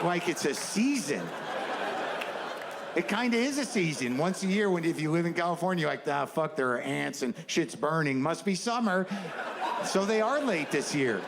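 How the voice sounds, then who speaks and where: A man doing a stand-up set, rambling and self-doubting, bluntly honest in his asides. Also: a little high. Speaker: stand-up comedian. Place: comedy stage with a laughing audience. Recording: live room noise.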